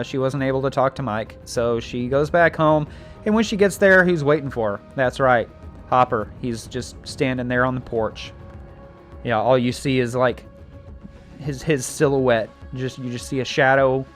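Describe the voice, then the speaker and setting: A man telling a show's plot in a casual recap, animated, with many fillers and restarts, acting out the scenes. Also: mid-range voice. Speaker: show recap host.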